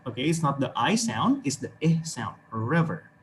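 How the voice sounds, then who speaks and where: Indonesian-accented male teacher, mid-pitched, upbeat and encouraging, video call with faint hiss. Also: very animated, normal speed. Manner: encouraging, chuckles often, fills with "okay". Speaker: English teacher. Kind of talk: online class teaching.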